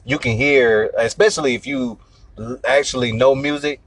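A man's voice: mid-range voice, steady tone, moderate pace. A man interviewing a guest, laid-back, asking short questions and backing him up. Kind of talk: casual conversational interview.

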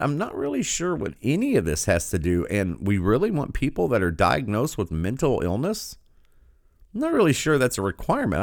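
A man's voice: medium pitch, dry recording, studio quality. A man giving sarcastic, incredulous commentary, often stopping a video to react.

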